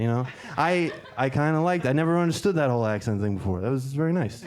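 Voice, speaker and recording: A man doing a stand-up set on a club stage, with a halting, self-deprecating delivery full of restarts. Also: medium pitch, a crowd in the background. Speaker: stand-up comedian. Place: comedy club stage with audience. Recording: loud background noise, live club.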